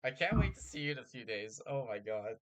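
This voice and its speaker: A man's voice: mid-range voice, big pitch swings, fairly quick, fairly bright tone. A man hosting a gaming podcast in casual banter. He jokes around, swears freely and laughs a lot. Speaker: podcast host.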